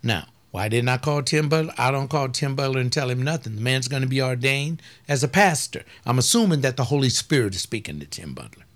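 A man's voice: mid-range voice, lively intonation, a little fast, few pauses. A man who is a pastor and talk show host, speaking in a blunt, folksy, emphatic way and drawing out stressed words. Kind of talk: casual preaching talk.

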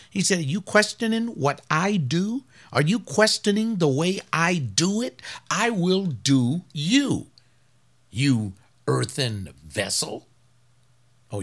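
A man preaching a fiery sermon as pastor, swinging from loud outbursts to hushed asides. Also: a little high.

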